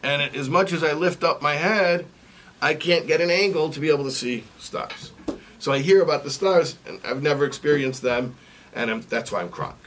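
A man's voice: a little high, moderate pace, close to an everyday voice. A man doing a blunt, unimpressed goat. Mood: tearful. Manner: flat, shrugging, matter-of-fact. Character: glum male goat, plain and blunt. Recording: distant mic, faint noise.

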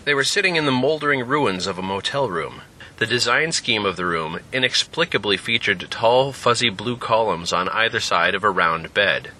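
Lively, bright-toned male narrator. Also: fairly low pitch, moderate pace. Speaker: narrator and podcast host. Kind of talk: scripted story narration.

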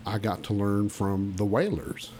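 On a podcast, a guest musician from Oklahoma tells stories from his youth in a lowish, slightly mellow voice at a measured pace. He's blunt and emphatic, restarting often, and there's slight background noise.

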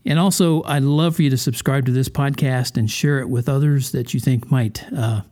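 A man hosts a religious podcast in a folksy, conversational monologue. His voice is mellow and sits at a middle pitch. He keeps turning to the listener with casual questions. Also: steady tone, moderate pace. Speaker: podcast host.

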